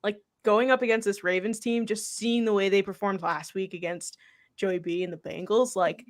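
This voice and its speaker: Brief: mid-pitched woman, co-host, rambling casual chat full of fillers. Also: steady tone, moderate pace. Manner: chatty, lots of 'like', thinking aloud. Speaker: podcast co-host.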